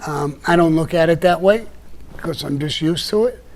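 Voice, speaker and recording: Older male guest, Brooklyn accent, meandering raconteur, slightly higher-pitched voice. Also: moderate pace. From Brooklyn, New York. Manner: rambling, with many restarts and "you know". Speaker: podcast guest telling stories. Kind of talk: casual storytelling chat.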